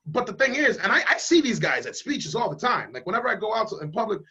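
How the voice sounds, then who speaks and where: A man's voice: high-pitched, sing-song, fast, pushed and bright, slightly rough, dull audio. A man running for Congress who speaks emphatically and bluntly in a casual interview over a video call. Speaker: congressional candidate.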